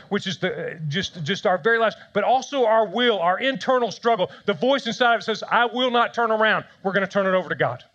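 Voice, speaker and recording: A man's voice: high voice, a bit bright, lo-fi sound. A man preaching a conversational sermon, telling stories with self-deprecating humor. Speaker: pastor.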